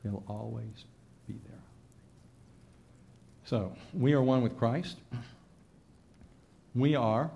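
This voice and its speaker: Male pastor, gravelly voice, emphatic sermon delivery that swings between loud and soft. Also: fairly low pitch, fairly quick, pauses often. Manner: emphatic preaching that rises loud then drops soft.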